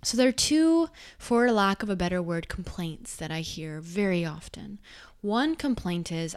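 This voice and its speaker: A woman speaking casually and earnestly about emotions and intuition, acting out quoted inner thoughts with quick asides. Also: medium pitch, big pitch swings. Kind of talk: casual spoken reflection.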